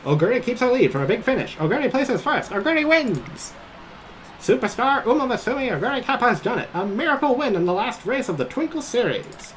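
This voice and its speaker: A man's voice: fairly high pitch, expressive, normal speed, slight background noise, close to an everyday voice, low-quality recording. A man voicing an old-fashioned male race announcer in a theatrical transatlantic voice while reading game text on a stream. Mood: excited.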